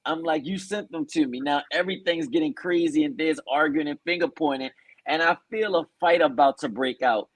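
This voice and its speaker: A man's voice: on the high side, fairly quick, no room sound, poor audio. A man hosting a talk show, animatedly telling a listener's story and acting out the quotes. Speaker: podcast host.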